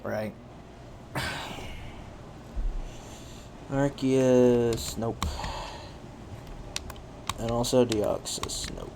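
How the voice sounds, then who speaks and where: A man with a lowish voice streams solo, chatting casually to himself at normal speed. He rambles, sounds tired, yawns and often restarts his sentences, with a noisy background behind him.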